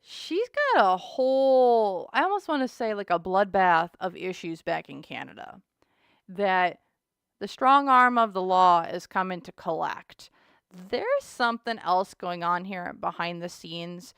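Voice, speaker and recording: A woman's voice: fairly low pitch, lively intonation, a little slow, creaky, a bit bright, clear, resonant tone, no room sound, clean studio sound. A woman hosting a casual tarot reading, chatty and dramatic, thinking aloud as she goes. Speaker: tarot reader host.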